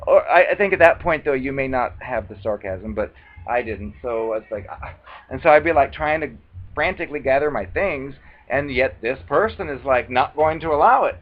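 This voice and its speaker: A man's voice: medium pitch, moderate pace. A man telling a personal story in a casual monologue, acting out other people's lines with dramatic flair. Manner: animated, acts out quoted voices dramatically. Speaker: video blogger. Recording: dull lo-fi recording.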